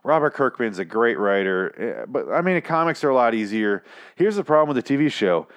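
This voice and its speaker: A man's voice: mid-range voice, lively intonation, brisk. A young man hosting a podcast, ranting in a profane, exasperated way while reviewing a TV episode, tired and achy after some whiskey. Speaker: podcast host.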